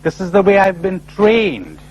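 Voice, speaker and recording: A man giving a spiritual talk to a live audience, animated and full of rhetorical questions, often acting out other people's replies. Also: sits high, unhurried, rough recording. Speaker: spiritual speaker. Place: lecture before a live audience.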